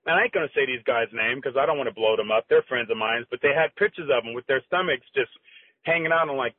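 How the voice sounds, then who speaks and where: A middle-aged man, a former competitive bodybuilder, telling stories as a guest with animated, halting speech and acted-out quotes. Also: medium pitch. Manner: animated, halting with restarts, acts out quoted dialogue. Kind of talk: conversational storytelling. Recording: tinny phone-line audio, dry.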